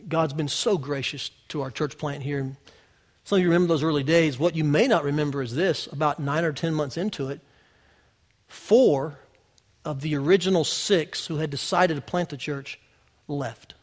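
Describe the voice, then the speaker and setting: A male pastor preaching a sermon in a conversational way, telling personal stories straight to the congregation and swinging from loud to hushed. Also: a little high, moderate pace. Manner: personal storytelling, addressing the congregation directly.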